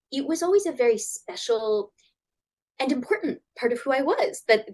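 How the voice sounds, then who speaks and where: A woman in her thirties, a guest author chatting in an interview over a video call, animated and acting out quoted voices. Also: low-quality recording. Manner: animated, acts out quoted voices with big pitch jumps. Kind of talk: casual interview chat.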